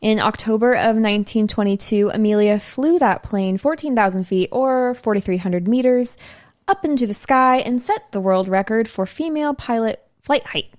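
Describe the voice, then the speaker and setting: A woman's voice: a little high, moderate pace, darkish tone. A woman hosting a podcast, telling a history story in a casual, chatty way with side remarks.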